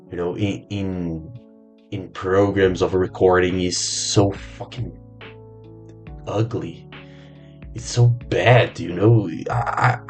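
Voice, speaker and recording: A young Brazilian man hosting his own podcast in English as a second language, halting and repeating words, swearing casually. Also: deep voice. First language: Portuguese. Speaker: podcast host. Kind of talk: casual solo podcast monologue.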